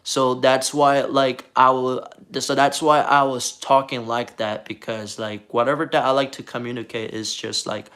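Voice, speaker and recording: A man from Puerto Rico talking casually on a live stream, rambling and halting, often repeating words as he restarts sentences. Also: mid-range voice, fairly bright tone. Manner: defensive, earnest.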